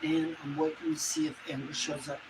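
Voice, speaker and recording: A man's voice: fairly high pitch, flat delivery, brisk, noisy background. A man rambling casually to viewers on a livestream, with chuckles.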